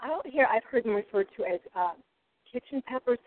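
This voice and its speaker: Animated woman storyteller on a tinny line. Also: a little high, fairly quick. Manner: lively, expressive, laughing storyteller. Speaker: guest cook.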